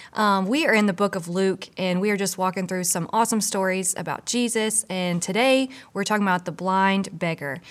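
A woman from a church staff giving a casual, earnest devotional, full of "you know" asides. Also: medium pitch. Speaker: church pastor or staff member. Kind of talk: conversational devotional teaching.

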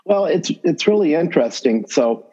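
A middle-aged man with a North Carolina accent, a math education professor telling his story in a relaxed, chuckling way as a podcast guest. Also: fairly high pitch, normal speed, breathy edge, highs cut off. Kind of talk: conversational interview.

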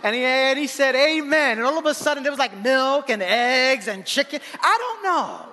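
A male pastor preaching a sermon in an animated, playful way, acting out the lines he quotes. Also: extremely high pitch, normal speed. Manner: animated, playful preaching with laughs and voiced asides. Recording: long hall reverb.

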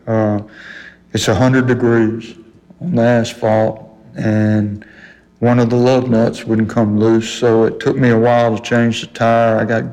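A man's voice: medium pitch, flat delivery, measured pace, darkish tone, long reverb tail, low-quality recording. An older man telling a story on a radio talk show, folksy and chuckling often.

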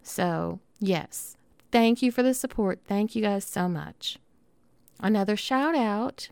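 A woman's voice: mid-range voice, takes it slowly, vocal fry, darkish tone, clear, resonant tone, dry recording. Chatty Southern woman podcaster, dry sound. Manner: chatty, affectionate, rambling with restarts. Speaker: podcast host. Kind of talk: casual monologue.

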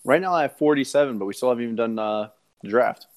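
A young man talking casually on a podcast, rambling and excitable as he tells stories. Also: mid-range voice, quick pace, no echo. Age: young adult. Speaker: podcast co-host. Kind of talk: casual chat.

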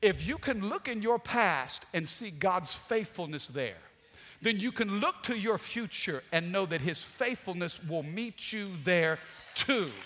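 A man preaching a sermon with dynamic delivery, swinging from loud to soft. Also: high-pitched, animated, a little slow. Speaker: pastor. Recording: long hall reverb.

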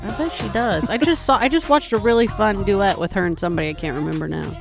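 A woman's voice: medium pitch, fast, gravelly, soft background music. A woman co-hosting a podcast, chatting in a playful, teasing way. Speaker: podcast co-host. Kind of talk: casual chat.

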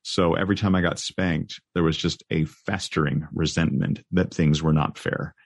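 Man, very low voice, dry, precise, wry host. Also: fairly even intonation, normal speed, gravelly, breathy edge, dry recording. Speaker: podcast host. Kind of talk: casual chat and scripted narration.

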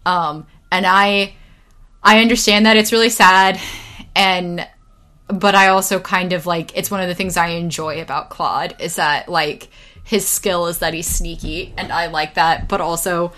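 A young woman talking casually, full of fillers, swearing freely and telling stories with lively energy. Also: lowish voice, measured pace. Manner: rambling, filler-heavy, swears freely, animated storyteller. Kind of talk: casual chat.

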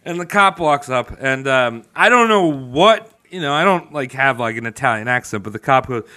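A man's voice: mid-range voice, expressive, normal speed, pushed and bright. A man co-hosting a comedy podcast, chatting animatedly and laughing often. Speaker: podcast co-host. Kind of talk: casual comedic chat.

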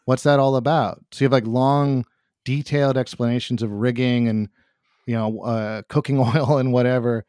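A man's voice: mid-range voice, steady tone, moderate pace, darkish tone, clean tone, no echo, clean studio sound. A man hosting a casual movie podcast, rambling with many fillers and restarts.

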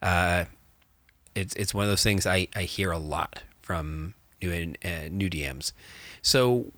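A man chatting casually as a game master, animated and rambling, with many fillers. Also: deep voice, slow, no echo. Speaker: game master, podcast co-host. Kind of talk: casual chat.

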